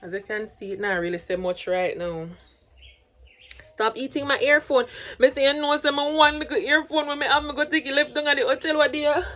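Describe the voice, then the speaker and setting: A Jamaican woman vlogging in a lively, chatty way, talking to the camera and to her baby. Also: high voice, fast talker, few pauses. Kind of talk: casual vlog chat.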